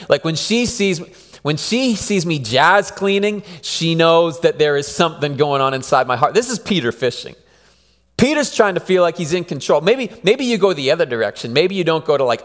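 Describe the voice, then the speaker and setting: A man's voice: on the high side, animated, fairly quick, a bit bright. A man in his thirties, a pastor, preaching a conversational sermon with repeated phrases. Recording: long hall reverb.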